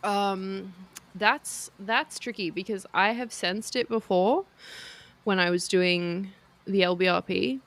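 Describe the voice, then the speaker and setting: A woman's voice: mid-range voice, slow pace, a bit bright. A young woman co-hosting a casual chat, teasing, swearing freely and laughing through almost every sentence. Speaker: podcast co-host, medium.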